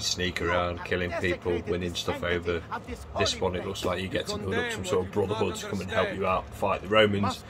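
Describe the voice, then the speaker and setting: Chatty gaming host. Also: male voice, lowish voice, noisy background. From England. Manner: chatty and jokey, exclaims while playing. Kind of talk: casual gameplay commentary.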